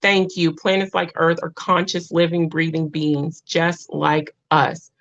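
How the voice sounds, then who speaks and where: Woman, livestream host, heartfelt rambling chat; dull low-fi stream audio. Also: level tone, unhurried, a bit bright. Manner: rambling, heartfelt, with many restarts. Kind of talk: emotional livestream chat with viewers.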